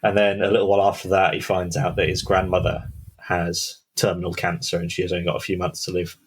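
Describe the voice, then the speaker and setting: Brief: male podcast co-host, deep and husky, casual storyteller with suspenseful hushes. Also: monotone, poor audio. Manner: dramatic pauses, hushed build-ups.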